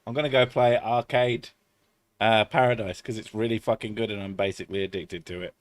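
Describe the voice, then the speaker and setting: A man's voice: on the low side, fairly even intonation, a little fast, dry recording. A man chatting casually on a live stream, swearing freely and laughing often.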